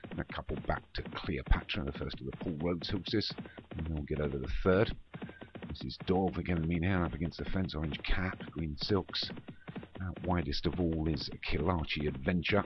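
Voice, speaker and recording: A man's voice: a bass voice, music in the background. A man calling a horse race for an online game league, running through the field horse by horse. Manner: rapid running race call, names horses in order. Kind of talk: live race commentary. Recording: muffled with steady background noise.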